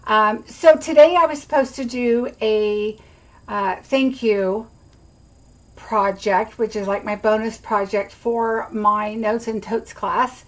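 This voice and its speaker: A woman's voice: on the high side, fairly even intonation, slow, rough recording. A middle-aged woman hosting a casual craft livestream, rambling chattily and greeting viewers by name. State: has the hiccups.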